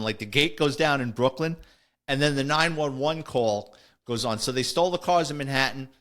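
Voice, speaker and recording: A middle-aged man, hosting a podcast and telling stories in a casual, wisecracking way, acting out the voices of the people in them. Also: mid-range voice. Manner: animated, wisecracking, acts out quoted voices. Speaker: podcast host. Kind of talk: casual storytelling.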